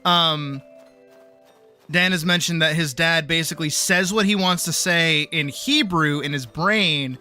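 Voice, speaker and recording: A man's voice: a little high, measured pace, sharp tone, clean tone, soft background music. A man streaming a game, chatting casually at a desk mic in a giggly, rambling, self-teasing way.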